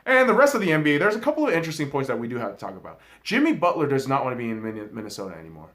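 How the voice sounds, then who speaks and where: A young man hosting a podcast, talking sports in a casual, profane, excitable monologue with big swings in volume. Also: medium pitch, racing. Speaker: podcast host.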